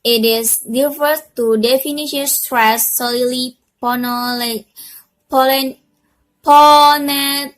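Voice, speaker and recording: A young woman, giving a class presentation and reading haltingly, with fillers and self-corrections. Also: sits high, steady tone. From Indonesia. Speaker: student presenter.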